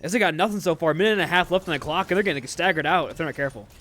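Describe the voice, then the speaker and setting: Man, esports caster, live commentary, chatty, joking, slightly high voice. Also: very fast, fairly bright tone.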